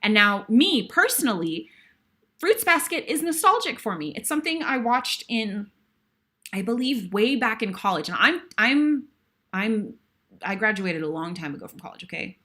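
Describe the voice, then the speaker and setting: A woman's voice: medium pitch, sing-song, normal speed, bright, forceful tone. A woman in her thirties, a guest host, telling a stage story with lots of emotion and some sighs. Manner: emotional, breathless retelling with sighs. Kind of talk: animated storytelling.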